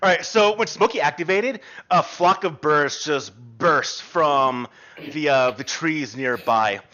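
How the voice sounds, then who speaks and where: A man's voice: on the high side, measured pace, bright, forceful tone, muffled recording. A man narrating a tabletop role-playing game as game master, describing scenes with frequent fillers.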